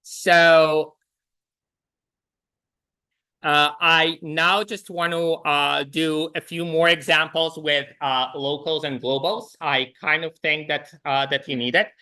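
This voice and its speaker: Lecturing a university programming class, a man speaks slowly and clearly, his somewhat high voice carrying a resonant tone. The lecture hall talk is relaxed and informal, littered with fillers and restarts.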